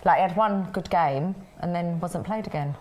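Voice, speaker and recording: A woman co-hosting a casual fan show. Her voice sits low, and she puts her opinions across firmly in loose conversation. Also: moderate pace, a little mellow. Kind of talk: casual chat.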